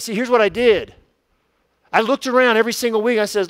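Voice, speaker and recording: A pastor with a high-pitched male voice delivers a sermon in an easygoing, joking manner. He keeps asking rhetorical questions and stretches key words for emphasis. The sound is dry and close, with no room echo. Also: a little fast, long pauses, a bit bright.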